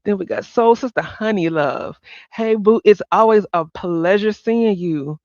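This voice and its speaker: A woman's voice: medium pitch, measured pace, darkish tone, dry recording, lo-fi sound. A woman hosting a casual livestream chat, talking to viewers by name and laughing often. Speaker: livestream host.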